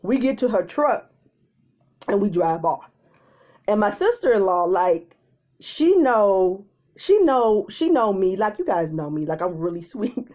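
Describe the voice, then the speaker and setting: A woman tells a story time on her vlog, and her voice rises and falls a lot as she goes. She acts out what people said in different voices. Her pitch sits in the middle for a woman. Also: measured pace. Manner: animated storytelling, acts out quotes in changing voices. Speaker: mukbang vlogger.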